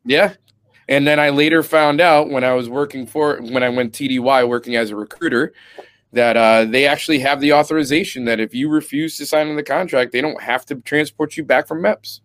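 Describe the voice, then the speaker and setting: A man's voice: medium pitch, fairly quick, no room sound. A young adult man from Connecticut, an Army veteran and guest, telling his stories in casual, profane podcast chat. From New Britain, Connecticut. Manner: profane, animated storyteller.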